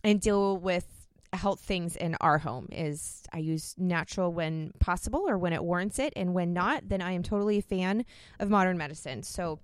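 A woman's voice: on the low side, moderate pace, smooth, no echo. A woman hosting her own podcast, talking in a chatty, upbeat way and laughing often. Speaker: podcast host. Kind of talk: casual podcast talk.

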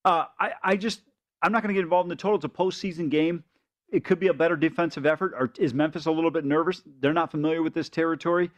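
A man with a slightly higher voice talks sports bets at a rapid clip. He stammers through quick restarts and keeps the chat lively and casual. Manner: fast, animated, stammering restarts. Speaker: sports betting co-host.

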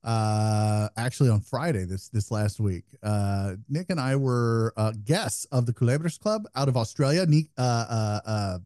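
A man co-hosts a casual podcast and tells stories with lots of swearing and an animated delivery. His voice sits at a middle pitch, and it is recorded dry and close. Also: moderate pace, hardly any pauses, no echo. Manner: profane, animated storytelling. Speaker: podcast co-host. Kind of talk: casual chat.

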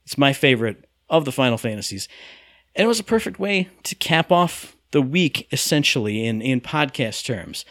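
A man hosting a casual podcast, talking enthusiastically with some halting restarts. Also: medium pitch, sing-song, fairly bright tone, no room sound, clean studio sound. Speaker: podcast host.

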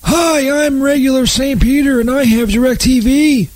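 A man playing a smug Saint Peter in a spoof television ad, with a halting, stammering delivery. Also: very high-pitched, fairly even intonation, a little mellow, no room sound. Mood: proud. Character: smug adult male Saint Peter with DirecTV.

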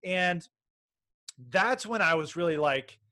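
A man's voice: high voice, slow pace, sharp tone. A middle-aged man telling an entrepreneur story in casual chat, rambling with many restarts and fillers. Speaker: podcast guest, baby sleep business owner.

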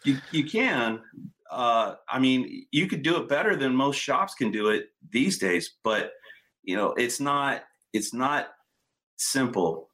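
A man telling car stories in casual, profane, animated chat. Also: medium pitch, slow pace.

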